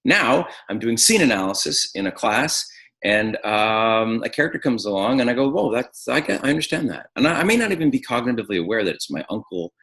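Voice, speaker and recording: A man teaching an acting webinar, animated, with frequent restarts and fillers. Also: fairly low pitch, a little fast, poor audio. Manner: animated, restarts and stacked fillers, drops to quiet reflection. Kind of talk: webinar lecture.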